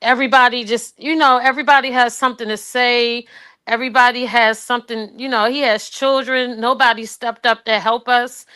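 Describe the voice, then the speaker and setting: A tearful woman speaking about her anger and loss in a halting, raw and emotional way. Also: on the high side, steady tone, pushed and bright, clean tone. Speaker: guest sharing her grief. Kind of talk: personal testimony on a call.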